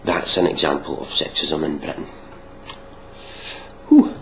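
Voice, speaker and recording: A man with a very deep, gravelly voice rants through a sarcastic reaction commentary, mocking and swearing freely. A faint hum of noise sits under the recording. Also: steady tone, a little slow, fairly bright tone, poor audio. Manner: mocking, ranting, swears often.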